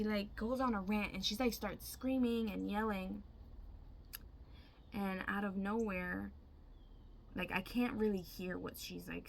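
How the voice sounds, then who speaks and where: Casual female storyteller, emphatic and profane; gravelly, faint background noise. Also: mid-range voice. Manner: chatty, emphatic, swears freely. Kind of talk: casual dream retelling.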